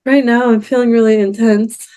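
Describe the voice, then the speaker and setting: High-voiced hesitant tearful woman. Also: steady tone, moderate pace, mellow, low-quality recording. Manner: hesitant, searching for words, laughing through tears. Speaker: client. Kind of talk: emotional therapy session.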